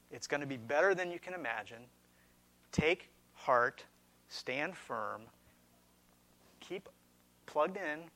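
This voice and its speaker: Earnest male pastor preaching a sermon. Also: on the high side. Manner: earnest, emphatic, drops to soft reassurance.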